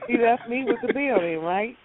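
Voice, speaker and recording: A woman calling in to a radio show, telling her date story in a halting, indignant way. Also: fairly high pitch, animated, dry recording. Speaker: caller. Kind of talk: casual storytelling on call-in radio. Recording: tinny phone line.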